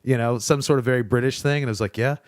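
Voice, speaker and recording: A man's voice: mid-range voice, fairly even intonation, rapid-fire, no echo, clean studio sound. A man from Kentucky with a Kentucky accent, hosting a podcast in a chatty, easygoing way and laughing easily. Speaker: podcast host. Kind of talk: casual podcast chat.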